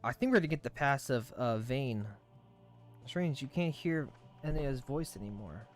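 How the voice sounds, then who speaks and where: A male streamer reading a game's story text aloud with quick asides, often stumbling and correcting himself. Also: mid-range voice, animated. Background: faint game music.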